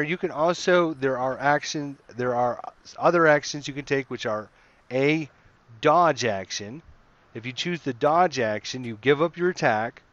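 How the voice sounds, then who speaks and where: A man's voice: medium pitch, fairly bright tone, no echo. Man running a tabletop game, dull dry audio. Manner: explains rules patiently with fillers and restarts. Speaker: dungeon master.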